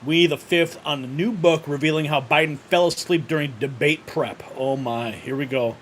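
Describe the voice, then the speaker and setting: Guy hosting a live news show, kinda high voice, gets excited, faint noise behind. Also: normal speed. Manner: excited, laughs often, reads posts aloud. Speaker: host. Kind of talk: live news commentary with clips.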